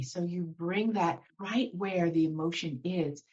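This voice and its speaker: A woman guest speaking as a spiritual teacher, guiding a slow breathing meditation and then talking about emotions in a soothing way. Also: fairly low pitch, darkish tone, breathy edge, dull audio. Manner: soothing, slows down to guide breathing. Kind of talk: guided meditation and spiritual talk.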